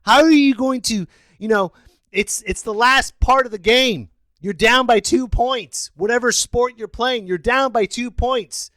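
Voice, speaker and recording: A middle-aged man hosting a podcast, ranting incredulously and breaking into shouted outbursts. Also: very high-pitched, measured pace, dry recording. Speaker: podcast host. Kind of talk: ranting monologue.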